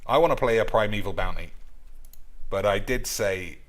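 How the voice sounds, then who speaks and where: A man's voice: fairly low pitch, moderate pace. A man streaming casually, chatting in profane, sardonic banter with his viewers. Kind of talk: casual live-stream chat.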